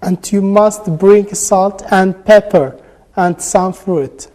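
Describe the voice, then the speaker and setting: Male student, warm mellow tone, slow deliberate answers. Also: sits high, fairly even intonation. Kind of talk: classroom practice dialogue.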